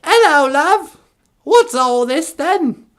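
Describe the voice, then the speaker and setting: A very old queen rings in from heaven, played by a man in a high, wavering falsetto. Her put-on posh English accent comes out loud and prim. The voice sits far above the performer's own range. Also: very animated, takes it slowly, heavily acted. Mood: cheery.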